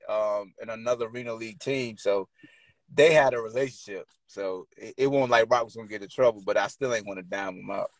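A man hosting a sports call-in show, loud and playful as he trash-talks. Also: lowish voice, a little fast, no room sound. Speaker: host.

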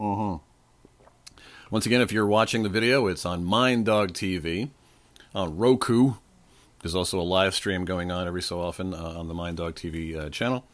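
A man in his forties or older hosts a casual trivia podcast, tossing out quiz questions between playful jokes. His lowish voice is slightly hoarse and swings widely up and down in pitch as he talks into a desk microphone. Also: a bit bright. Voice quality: playful, jokey. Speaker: podcast host.

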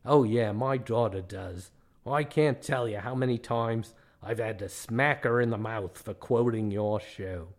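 A man's voice: medium pitch, a little slow, lightly acted. A man voicing a blunt, scornful Australian male tour guide, in a put-on Australian accent.

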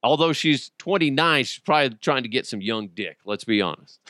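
A man's voice: mid-range voice, lively intonation, brisk, sharp tone, no room sound. A man hosting a solo podcast, rambling casually with lots of swearing and jokes. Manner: profane, joking, rambling. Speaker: podcast host.

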